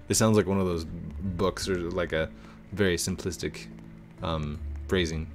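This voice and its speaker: A man giving chatty live commentary while playing an online game, talking to other players and getting excited when he finds someone. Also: low-pitched, measured pace, soft background music. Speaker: gaming YouTuber.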